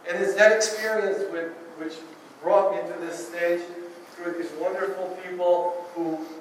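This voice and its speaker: A man with a Russian accent addresses a group, earnest and encouraging, with dry humor aimed at himself. His voice sits high for a man. He is picked up from some distance in a very echoey meeting room with faint noise behind him. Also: steady tone, measured pace. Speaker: ballet teacher speaking to a Parkinson's group. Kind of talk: public talk.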